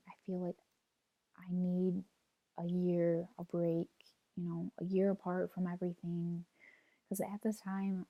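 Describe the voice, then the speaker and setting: A young vlogger, a woman in her twenties, has a lowish, dark-toned voice captured with no room sound. Telling a personal story, she wanders, fills gaps with "like," relays quotes, and is near tears, trying not to cry.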